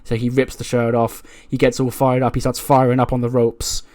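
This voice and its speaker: A man's voice: medium pitch, monotone, a little fast, darkish tone, no echo, clean studio sound. A man casually narrating a wrestling management game, chatty with lots of fillers. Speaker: let's play host.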